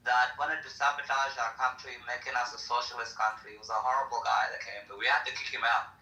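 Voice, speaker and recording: A man's voice: mid-range voice, flat delivery, fast talker, sharp tone, echoey room, recorded from a distance, rough recording. A man whose first language is not English speaks bluntly in a casual chat and keeps repeating the same harsh words.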